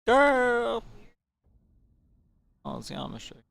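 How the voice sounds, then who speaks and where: A man's voice: lowish voice, normal speed, creaky, fairly bright tone, dry recording, studio quality. A man casually commenting on a game he plays on stream, with wry, sarcastic remarks.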